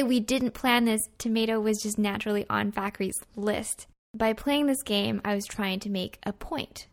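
A woman co-hosting a food history podcast, reading a script in turns with her partner in an upbeat way. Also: a little high. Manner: upbeat, reads facts in turns with co-host. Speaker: podcast co-host. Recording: faint music underneath.

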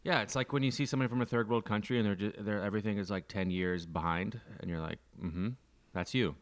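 A man's voice: on the low side, fairly even intonation, fast. A man from Canada, co-hosting a podcast in casual comedic banter, teasing his partner. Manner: teasing, breaks into goofy put-on voices. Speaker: podcast co-host.

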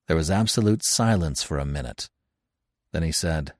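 A man reading a first-person story aloud as the narrator, in an expressive, theatrical style. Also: extremely low pitch, moderate pace, no room sound, clean studio sound. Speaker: audiobook narrator.

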